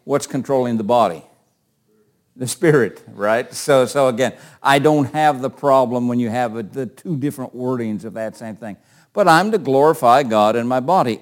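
An older man teaching a Bible class in a conversational way, asking questions and calling on readers. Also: medium pitch.

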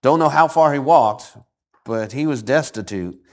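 A man's voice: medium pitch, unhurried. An older man, a grandfather, teaching a Bible story to a group. He keeps asking them questions and acts out the quoted lines. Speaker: preacher. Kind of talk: Bible teaching with congregation responses.

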